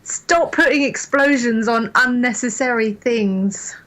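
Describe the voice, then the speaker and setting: A woman, a guest on a casual podcast chat, chatty and quick to laugh. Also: on the high side, fairly bright tone.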